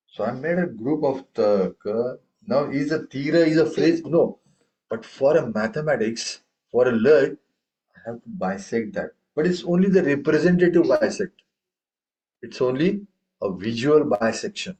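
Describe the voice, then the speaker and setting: A man's voice: medium pitch, moderate pace, darkish tone, lo-fi sound. A man teaching a tabla class, chanting rhythm syllables and quizzing his students. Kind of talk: classroom lesson.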